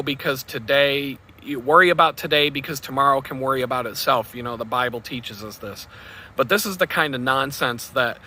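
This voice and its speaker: A man's voice: fairly high pitch, sharp tone. A man talking casually to his vlog audience in a blunt, rambling, profane way. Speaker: vlogger.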